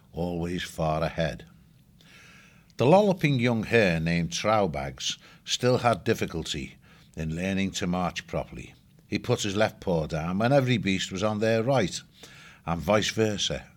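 Man, audiobook narrator, measured storytelling, deep voice. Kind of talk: scripted narration.

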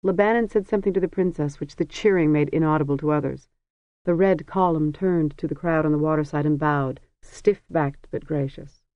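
An audiobook narrator reading a fantasy story in a measured, even storytelling manner. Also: mid-range voice, no echo. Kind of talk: scripted narration. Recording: dry, dull lo-fi recording.

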